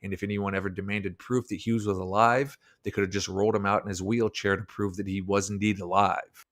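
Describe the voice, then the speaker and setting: Guy narrating a video essay, lowish voice, steady storytelling. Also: a little fast. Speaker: documentary narrator. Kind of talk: scripted narration.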